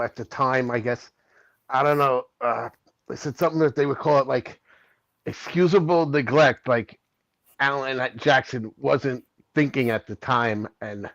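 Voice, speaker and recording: A man's voice: mid-range voice, a bit bright, no echo. A man co-hosting a casual chat, easygoing and jokey, with a mid-range voice. His sound is dull and lo-fi, close and dry. He laughs often as he talks things over. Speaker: co-host.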